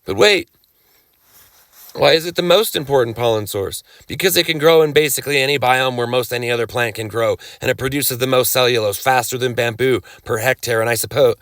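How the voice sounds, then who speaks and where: A man gives a casual, rambling lecture and keeps restarting his sentences. He breaks off for coughs and throat clearing and drops sarcastic asides along the way. His voice sits at a middle pitch, recorded dry and up close. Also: fairly quick, a bit bright, dry recording. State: occasional coughing. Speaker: cannabis rights lecturer. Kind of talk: casual lecture over slides.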